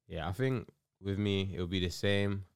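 A young man, chatting calmly and agreeably as a podcast co-host. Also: low-pitched, measured pace, smooth, dry recording, studio quality. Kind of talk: casual chat.

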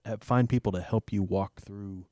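A man with a very low, mellow voice rambles through a joke and a personal story, self-deprecating and full of fillers. It is casual faith chat, recorded close and dry. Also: fairly even intonation, normal speed, dry recording.

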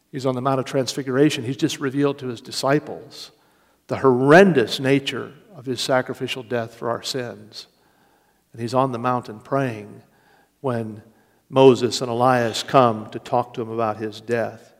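A man preaching a sermon with slow, deliberate delivery and rising emphasis. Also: medium pitch, steady tone. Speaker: pastor. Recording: long reverb of a large hall.

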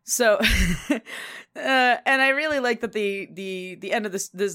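A woman talks casually through a book discussion as a podcast co-host. Her delivery is chatty and animated, with casual swearing, and her pitch sits in an average range. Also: measured pace.

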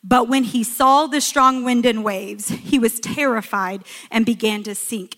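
A woman in her thirties preaches with a high, bright voice that stands out clearly. She tells stories with a lot of expression and pushes her voice up when she wants to stress a point. Her voice rings out with the long reverb of a large hall. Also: a little slow. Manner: storytelling, expressive, rising for emphasis. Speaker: guest speaker. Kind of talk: sermon.

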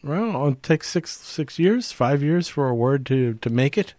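A man's voice: medium pitch, lively intonation, measured pace, warm tone, no echo. A man co-hosting a casual podcast, musing aloud with many fillers and rhetorical questions. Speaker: podcast co-host.

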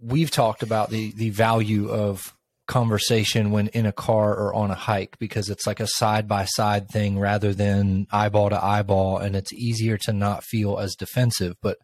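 Low-voiced guy, middle-aged, musing and telling a story slowly, dry sound. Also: flat delivery, darkish tone, no room sound. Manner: thoughtful, storytelling with pauses. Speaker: podcast co-host. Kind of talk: reflective casual conversation.

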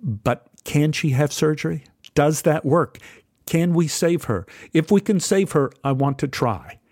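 A middle-aged man narrating a personal story with earnest, heartfelt care. His voice sits a little high for a man. The sound is close and dry, with no room around it. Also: lively intonation, measured pace, a little mellow, dry recording.

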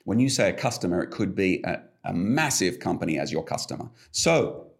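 A middle-aged man, a behavior coach talking as a podcast guest, who explains his ideas with animated, emphatic stories. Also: low voice, fairly quick, vocal fry. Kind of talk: podcast conversation.

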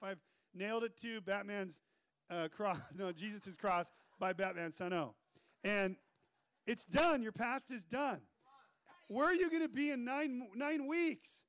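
Male preacher, high voice, animated and joking, live room. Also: normal speed, clean tone. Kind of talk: energetic sermon. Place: room with an audience.

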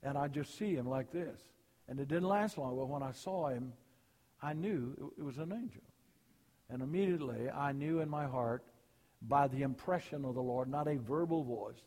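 An older man preaching a sermon, telling folksy personal stories and rising high and loud for punchlines. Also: normal speed, long reverb tail.

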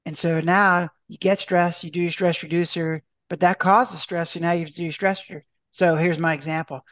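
Chatty doctor talking with restarts. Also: male voice, on the high side, level tone, brisk, a bit bright, no echo. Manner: chatty, acts out dialogue, many restarts. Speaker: doctor and author, guest. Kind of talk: podcast interview.

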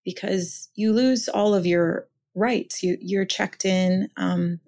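A woman's voice: mid-range voice, fairly even intonation, slow pace, a little mellow. A woman, an author and counselor from Minnesota, telling her own story as a podcast guest in an earnest, reflective way. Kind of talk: personal testimony in conversation.

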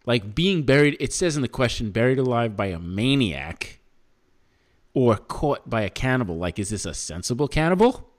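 A man's voice: medium pitch, very animated, moderate pace. A man co-hosting a podcast in casual, jokey, rambling chat, laughing often. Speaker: podcast co-host.

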